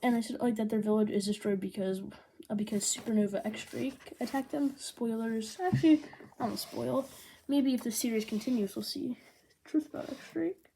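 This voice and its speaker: A woman giving a casual manga review, rambling and excitable, with lots of "like" fillers. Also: a little high, normal speed, gravelly, slight background noise.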